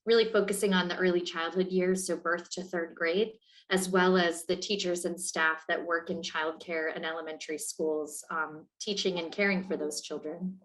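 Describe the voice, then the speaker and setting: A woman in her forties from Maine, an executive director, giving measured interview answers with some fillers from a hotel room. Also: fairly low pitch, fairly even intonation, poor audio. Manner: clear, measured explaining with fillers.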